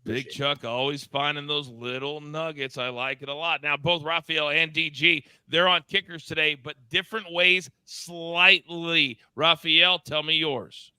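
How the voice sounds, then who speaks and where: A man hosting a live sports betting show, upbeat and teasing as he calls on each crew member for quick picks. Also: on the high side, steady tone, bright, forceful tone, smooth, dry recording, low-quality recording. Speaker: host.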